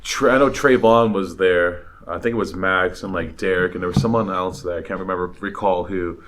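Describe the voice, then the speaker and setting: A man co-hosting a podcast, telling a work story in casual banter with loud acted-out quotes. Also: low voice, a little fast. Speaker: podcast co-host.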